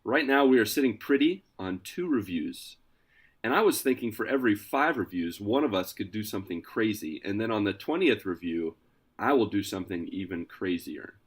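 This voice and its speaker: A man hosting a casual podcast, introducing his co-hosts with energetic, playful hype. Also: fairly low pitch, moderate pace, slightly rough. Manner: energetic, hyped, playful announcer delivery. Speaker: podcast host.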